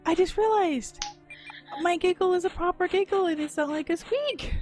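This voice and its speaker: A young woman hosting a stream, chatting casually and telling stories in a giggly, animated way. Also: very high voice, normal speed, soft background music. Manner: giggly, animated storytelling with quoted voices. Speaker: stream host. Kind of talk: casual chat.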